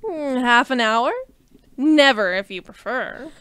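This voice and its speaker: A smug, taunting Joker villain, read by a woman in a live script read. The voice sits fairly high and sounds smooth and clear. It is recorded close and dry, with no room sound. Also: expressive, slow pace, a bit bright, no echo, exaggerated voice. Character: gleeful menacing male Joker villain.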